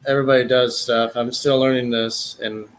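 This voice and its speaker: A man in casual chat, halting and quick with one-liners. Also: mid-range voice, level tone, slight background noise.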